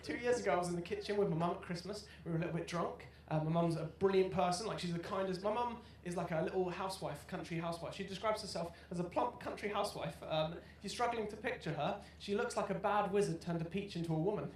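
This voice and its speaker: Young man, stand-up comedian, self-deprecating stories, loud shouted punchlines, echoey club room. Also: high voice, quick pace, hardly any pauses, slight background noise. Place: comedy club stage with live audience. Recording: roomy live venue sound. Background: audience laughter.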